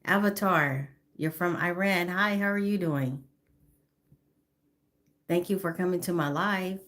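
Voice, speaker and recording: Lady in her 50s talking slow into her phone on a live, kinda low voice, greets everyone by name. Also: a bit bright. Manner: chatty, greets viewers by name, apologetic. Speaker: livestreamer. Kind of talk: casual live-stream chat, greeting viewers.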